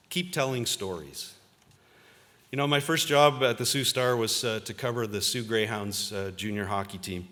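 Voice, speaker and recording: A fairly low-voiced man in his fifties gives a convocation speech from a podium. He tells stories from his career in an easygoing, self-deprecating manner and often pauses on "uh". The sound carries a long reverb from a large hall. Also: sharp tone. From Ontario, Canada. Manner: conversational storytelling, self-deprecating, with frequent uh fillers. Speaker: convocation speaker, journalist. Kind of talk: convocation address with personal stories.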